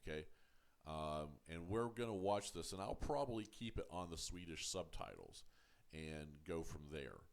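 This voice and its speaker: A man hosting a casual show review to camera, halting and full of ums and uhs, firm when answering critics. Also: low-pitched, very animated, gravelly. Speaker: show reviewer, channel host.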